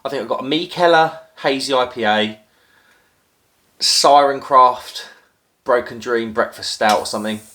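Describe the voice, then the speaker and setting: A craft beer video host from Norfolk, England, rambles as he makes a drink, crouched down at home and recorded on a phone. His medium-pitched voice is sharp in tone, at normal speed with long pauses, and his casual chat is self-deprecating and filled with ums.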